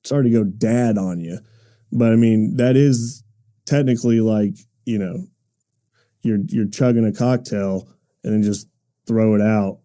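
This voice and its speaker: A man hosting a podcast, telling comic stories in an animated, self-deprecating way and laughing often. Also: on the low side, a little slow. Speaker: podcast host. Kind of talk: comic storytelling monologue.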